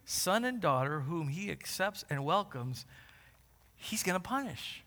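Animated man preaching in a reverberant hall. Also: high voice, drawn-out words, long pauses. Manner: animated, swings from quiet asides to loud emphatic bursts. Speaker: pastor. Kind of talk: sermon.

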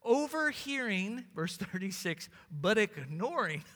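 A man's voice: sits high, big pitch swings, slow, fairly bright tone, long reverb tail. A man preaching a sermon as pastor, building fervor and acting out scripture scenes.

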